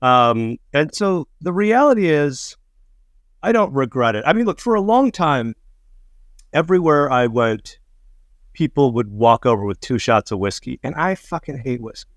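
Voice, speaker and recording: Middle-aged man, comedian co-host, casual profane storytelling, leaps high for acted quotes, dry close mic. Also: very animated, moderate pace, no echo. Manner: swearing, self-mocking, acts out quotes with big pitch jumps.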